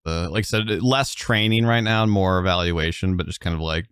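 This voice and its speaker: A man's voice: low voice, steady tone, fairly quick, fairly bright tone, clear, resonant tone, no room sound, studio quality. A man narrating a tabletop game as game master, rambling with many fillers.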